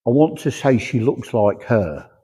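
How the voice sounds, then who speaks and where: A man working as a medium at a church service, chattily passing on spirit messages with a steady run of "he says". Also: medium pitch, measured pace, slightly rough. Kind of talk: platform mediumship demonstration. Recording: echoey hall, dull lo-fi sound.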